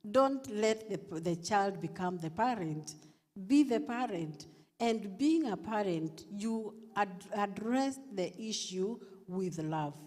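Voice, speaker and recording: A woman's voice: mid-range voice, expressive, takes it slowly, hardly any pauses, darkish tone. A woman counselor giving parenting advice at a church event, stressing and repeating her key points. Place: church hall. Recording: long reverb of a large hall.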